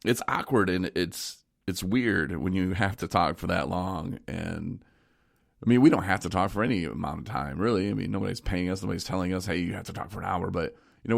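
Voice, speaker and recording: A man hosting a casual podcast chat, telling joking stories in an animated way. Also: deep voice, gravelly. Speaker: podcast host.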